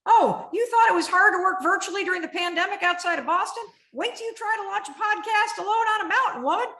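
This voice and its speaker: A woman voicing her own shrill, mocking female inner critic. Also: fast talker, pushed and bright, full character voice. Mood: taunting. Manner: mocking, jeering. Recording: roomy echo.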